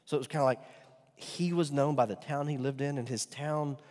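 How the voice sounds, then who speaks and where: A male pastor preaching a sermon. He swings from loud, emphatic peaks to soft, near-whispered lines and asks the congregation rhetorical questions. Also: medium pitch, steady tone, a little fast. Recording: long hall reverb.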